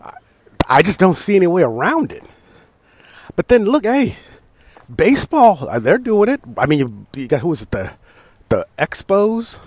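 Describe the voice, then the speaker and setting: A high-pitched American man hosts a casual talk show, ranting about sports at a moderate pace with long pauses and a breathy edge. He's loose and animated, swearing freely, laughing, restarting his sentences and bursting out now and then.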